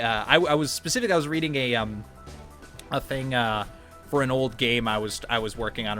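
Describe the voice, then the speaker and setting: A man's voice: mid-range voice, a bit bright. A man co-hosting a gaming podcast, chatting casually and rambling while watching gameplay, swearing and laughing often. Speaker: podcast co-host.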